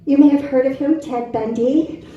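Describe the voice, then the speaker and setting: Brash middle-aged woman doing stand-up, high voice, super echoey club, mic kinda far off. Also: fairly even intonation, normal speed, lo-fi sound, slight background noise. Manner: brash, punchy delivery with audience banter. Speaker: stand-up comic. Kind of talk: stand-up comedy set. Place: comedy club stage.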